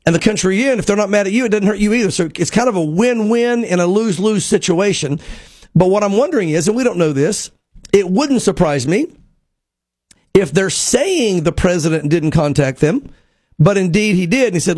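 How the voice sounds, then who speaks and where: A man's voice: high-pitched, lively intonation, brisk, a little mellow, dry recording. A man giving conversational news commentary as a guest, earnest and speculative, laying out his points one by one.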